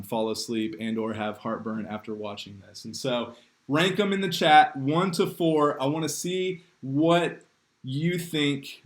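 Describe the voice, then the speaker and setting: A young man, leading a livestreamed youth group game, upbeat and joking as he reads names from the chat. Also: fairly high pitch. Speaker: youth pastor. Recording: echoey room.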